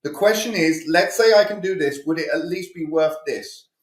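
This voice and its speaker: Energetic, emphatic man coaching in a roomy space. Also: a little high, normal speed. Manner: energetic, emphatic, acts out sales dialogues. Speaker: communication coach guest. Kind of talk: live online sales training.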